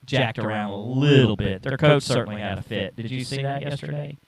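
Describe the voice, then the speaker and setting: A man co-hosting a podcast, chatting casually about football picks in an animated way. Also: medium pitch, creaky. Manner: animated, lively picks with quick asides. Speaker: podcast co-host. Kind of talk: casual sports chat.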